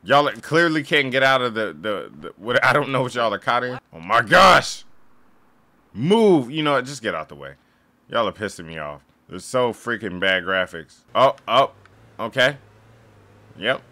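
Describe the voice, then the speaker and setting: Young guy doing sarcastic gameplay commentary, bright edgy voice, yells at the screen. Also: mid-range voice, sing-song, moderate pace. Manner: sarcastic, jokey, yelling at the game. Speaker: gaming YouTuber.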